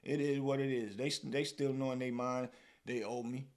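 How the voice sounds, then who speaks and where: A man with a New York accent runs a podcast in an animated, casual way. His voice has a gravelly edge, and he keeps landing his points with "man.". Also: mid-range voice, normal speed. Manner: animated, repeats "man" and "bro". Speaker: podcast host. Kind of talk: casual commentary.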